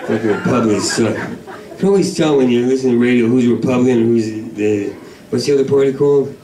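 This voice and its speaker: A man with a New York accent doing a stand-up routine in a comedy club, manic and rambling, swinging from yells to mutters. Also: mid-range voice, brisk, a crowd in the background. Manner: manic, rambling, swings between yelling and mumbling. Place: comedy club main room. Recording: roomy club sound from a far mic, audience laughter.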